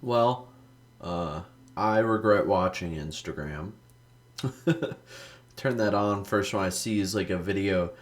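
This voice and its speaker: A man's voice: sits low, takes it slowly, pauses often. A young man hosting a gaming video, chatting casually and telling rambling stories, swearing a lot and saying "like" often. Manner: rambling storytelling, heavy swearing, lots of "like". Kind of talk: casual gameplay commentary.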